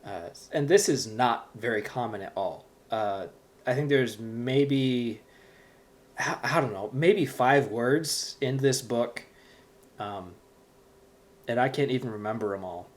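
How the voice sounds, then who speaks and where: Guy walking through a language lesson, patient, lots of ums, mid-pitched voice. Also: takes it slowly. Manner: patient, explanatory, with frequent fillers. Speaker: Hebrew teacher.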